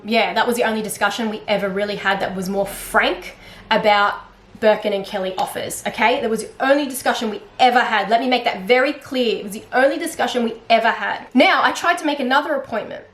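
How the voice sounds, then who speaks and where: A woman's voice: on the high side, fairly quick, fairly bright tone. A woman vlogging a casual storytime monologue, chatty and frustrated, with lots of fillers and restarts. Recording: roomy echo.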